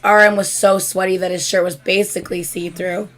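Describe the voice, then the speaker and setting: A young woman hosting a casual live stream, telling a story excitedly and swearing freely. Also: on the low side, fairly quick. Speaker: host.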